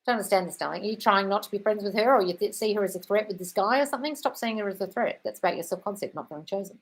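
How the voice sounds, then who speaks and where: A woman's voice: medium pitch, very fast. A woman hosting a live stream, reading viewer comments aloud and answering them bluntly, often calling people darling. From United Kingdom. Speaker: livestream host answering viewer questions.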